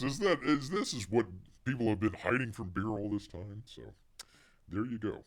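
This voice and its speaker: A man's voice: fairly low pitch, lively intonation, normal speed. A man hosting a casual livestream, rambling and talking about himself in the third person, his voice getting worn. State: losing his voice. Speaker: livestream host.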